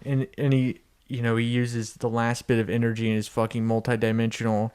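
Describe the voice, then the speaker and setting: A man's voice: medium pitch, monotone, brisk, a little mellow, clear, resonant tone. A man co-hosting a comedy podcast, improvising a rambling story, swearing often and laughing at his own jokes. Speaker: podcast co-host.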